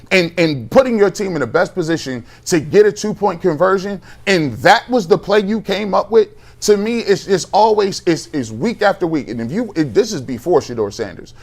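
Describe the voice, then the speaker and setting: A man's voice: high voice, expressive, a little fast. A man co-hosting a sports talk show, ranting in a heated, slangy, exasperated way about coaching decisions.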